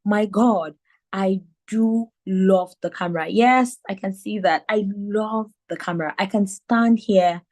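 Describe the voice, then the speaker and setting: A woman's voice: medium pitch, unhurried. A woman in her thirties from Nigeria with a Nigerian accent and a slight lisp, telling her story as a mentor in a live video call. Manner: animated storyteller acting out quotes. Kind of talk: live online mentoring talk.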